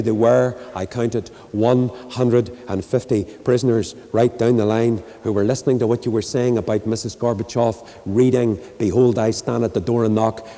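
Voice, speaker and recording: A man's voice: on the low side, dark tone, big-room sound. An older man with a Northern Irish accent, preaching in a folksy storytelling way and acting out the people in his tales. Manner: folksy storyteller doing voices. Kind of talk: storytelling sermon.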